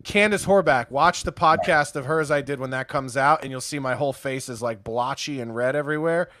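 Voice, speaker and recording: A man's voice: medium pitch, fairly quick, bright, forceful tone, dry recording. A man joining a podcast by remote call as a comic guest, laid-back with crude jokes. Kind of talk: casual podcast chat.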